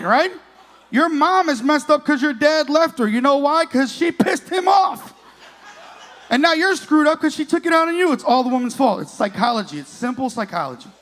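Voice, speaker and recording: A man's voice: very high voice, a bit bright. A man in his late thirties doing a profane stand-up comedy set on a club stage, teasing the crowd. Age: 30s.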